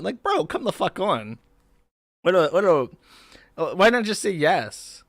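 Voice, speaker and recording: A man's voice: a little high, expressive, measured pace, no echo, clean studio sound. A man hosting a live stream, reacting to a clip and to chat in a profane, incredulous, mocking way. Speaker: streamer host. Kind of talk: casual live-stream commentary.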